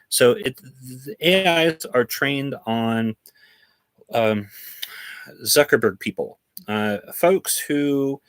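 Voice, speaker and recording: A frustrated man rants bluntly and swears freely on his livestream. His voice sits at a middling pitch. The sound is dry and close, with no echo from the room. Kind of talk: livestream rant.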